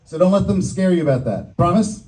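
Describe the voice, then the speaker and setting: A man gives a lighthearted stump speech at a community event, cracking jokes between promises. His voice sits a little high but sounds mellow and soft-edged. He stands some way off from the microphone. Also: expressive, fairly quick, distant mic, poor audio. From Boston. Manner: joking, upbeat campaign delivery. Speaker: political candidate.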